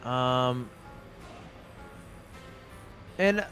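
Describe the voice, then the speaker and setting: A man with a somewhat high voice plays a tabletop game and casually thinks aloud about his moves. He checks the rules with the game master as he goes. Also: measured pace, over music. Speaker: player. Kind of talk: tabletop game play over a call.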